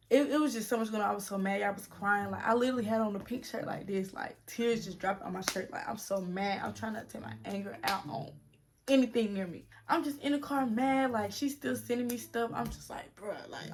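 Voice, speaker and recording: A woman in her twenties telling a story to the camera in a casual vlog, animated and slangy, talking straight to her viewers. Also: medium pitch. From United States. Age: 20s. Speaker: vlogger.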